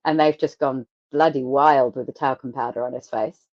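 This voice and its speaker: A woman co-hosting a podcast, telling stories in an animated, sarcastic, sweary way. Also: rumbling low, normal speed, no echo. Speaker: podcast co-host. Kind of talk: casual podcast chat. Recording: dry, dull lo-fi mic.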